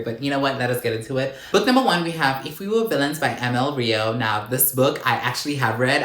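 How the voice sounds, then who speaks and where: A man's voice: mid-range voice, a bit bright. A man chatting casually about his book pickups in a playful, exclamatory, campy way, full of asides. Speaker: book vlogger. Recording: roomy echo.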